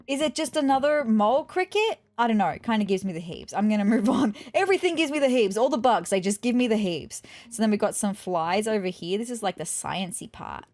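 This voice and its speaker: A woman's voice: mid-range voice, darkish tone. A woman casually commenting as she plays a life-sim game, chatty and a bit squeamish, thinking aloud as she explores. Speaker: gaming YouTuber. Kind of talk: casual let's play commentary.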